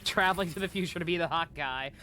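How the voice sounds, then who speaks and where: A woman's voice: on the low side, fast talker, pushed and bright, a little hiss or hum. A woman streamer giving casual, sarcastic let's-play commentary, giggling and swearing often. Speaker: streamer playing a game.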